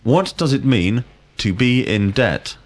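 A male language teacher, asking drill questions slowly and clearly. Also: mid-range voice, very animated. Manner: slow, deliberate, clearly enunciated questions. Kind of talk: scripted drill lesson.

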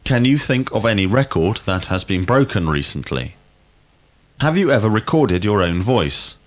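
A male language teacher, asking drill questions slowly and clearly. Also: on the low side, very animated. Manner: slow, deliberate, clearly enunciated questions. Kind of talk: scripted drill lesson.

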